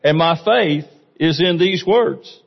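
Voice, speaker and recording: A man's voice: on the high side, takes it slowly, creaky. A man preaching a sermon in a conversational way, often asking the congregation questions. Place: church sanctuary. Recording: muffled recording with long hall reverb.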